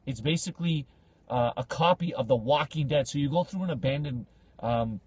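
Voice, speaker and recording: A man telling a story on a casual podcast, slangy and animated, acting out the people in it. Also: mid-range voice, moderate pace, slightly rough, no echo. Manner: animated, acts out quoted speech with big loud jumps; slangy, says bro and like a lot.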